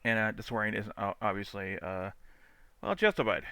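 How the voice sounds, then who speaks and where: Bright, crisp-voiced man. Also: on the low side, moderate pace, no room sound. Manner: chatty, laughs often, swears freely, mimics angry drivers. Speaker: streamer reacting to dash cam clips. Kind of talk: casual live-stream commentary.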